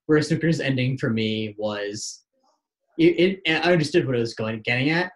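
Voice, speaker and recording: A man co-hosting a podcast, discussing films in a measured, thoughtful way that trails off quietly. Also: medium pitch. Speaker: podcast co-host. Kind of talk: casual film discussion.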